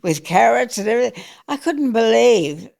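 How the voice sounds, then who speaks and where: A woman's voice: on the high side, expressive, normal speed, gravelly, darkish tone. An older woman, an aged care resident, chatting with cheeky, teasing humour. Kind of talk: casual chat.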